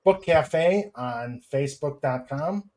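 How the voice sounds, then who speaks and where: Man, livestream host, hesitant, lots of fillers, higher voice, slow pace. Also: lively intonation, darkish tone. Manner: reads chat comments aloud, hesitant with many fillers. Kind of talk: casual livestream chat.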